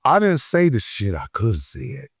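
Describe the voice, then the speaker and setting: A man from Detroit with a Detroit accent, telling a story in an unfiltered, profane, heated way, swinging between loud and low. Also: huge pitch swings, normal speed, no room sound, clean studio sound. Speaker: guest. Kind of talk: unfiltered casual interview. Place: podcast studio.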